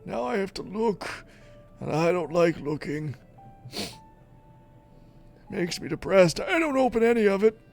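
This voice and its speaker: A grumbling old man rambles on about the old days, as a male streamer puts him on. The voice sits high and swings widely in pitch, every complaint dragged out slowly. Light music plays underneath. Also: lively intonation, creaky, a little mellow, full character voice. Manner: rambling, complaining, drawn-out delivery.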